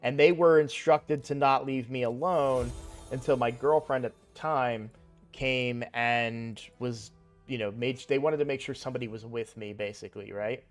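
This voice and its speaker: A man's voice: medium pitch, steady tone, moderate pace, faint music behind. A young man casually telling a personal story while playing a game, rambling with lots of fillers and restarts. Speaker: gaming streamer.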